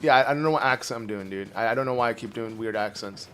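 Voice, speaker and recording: A man streaming a game live, chatting casually and rambling to his viewers while his phlegmy throat keeps needing clearing. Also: medium pitch, fast, fairly bright tone, slight background noise. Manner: rambling, chatty, talks to chat. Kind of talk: casual live gameplay commentary.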